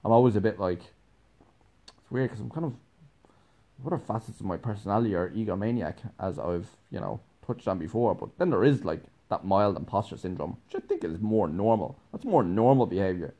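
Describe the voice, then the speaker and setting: A man's voice: lowish voice, animated, fairly quick, mellow. A young man telling a casual, rambling story, laughing often and filling his talk with "like". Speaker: podcast host, musician.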